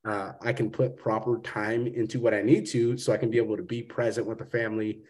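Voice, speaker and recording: Rambling, swearing podcast host. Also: male voice, lowish voice, flat delivery, brisk, a little mellow. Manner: rambling, profane, calls guest brother. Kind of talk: casual interview chat.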